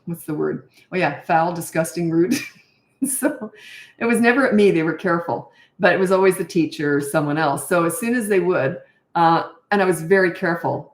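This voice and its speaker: A woman's voice: fairly low pitch, reverberant. An older woman, a parenting coach, answering viewer questions in a frank, chatty live Q&A and thinking aloud as she goes.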